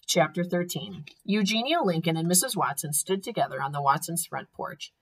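A woman, a teacher, reading a children's storybook aloud with clear, expressive storytelling. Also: lowish voice, normal speed, poor audio.

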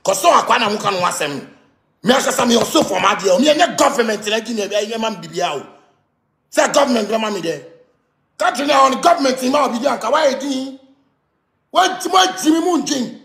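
A Ghanaian man rants on a live stream in a very high, gravelly voice, often shouting. His words bounce around an echoey room. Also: expressive, a little fast. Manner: ranting, switching between Twi and pidgin, shouting often. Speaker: musician speaking to fans. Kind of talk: animated live-stream rant.

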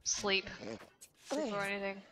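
A woman's voice: mid-range voice, measured pace. A woman giving casual, profane let's-play commentary as she plays. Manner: profane, chatty, rambling. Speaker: gaming video host. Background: game music.

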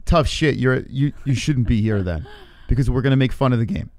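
A man's voice: medium pitch, fairly quick. A man streaming a game live, joking and swearing casually. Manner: profane, joking.

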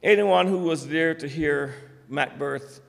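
A pastor preaches a sermon in a church sanctuary, his fairly high male voice slow and edged with vocal fry. He's emphatic, building to rising declarations, and the room gives off a long reverb.

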